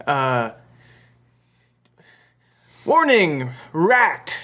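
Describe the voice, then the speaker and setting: A man's voice: fairly high pitch, big pitch swings, very slow, bright, forceful tone. A man co-hosting a podcast, playful and mock-dramatic in casual banter. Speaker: podcast co-host.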